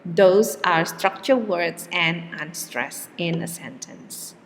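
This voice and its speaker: Female teacher, slow and careful delivery, slight room echo, faint hiss. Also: fairly low pitch. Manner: slow, deliberate example sentences with hesitant fillers. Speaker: English teacher. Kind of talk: recorded classroom lesson.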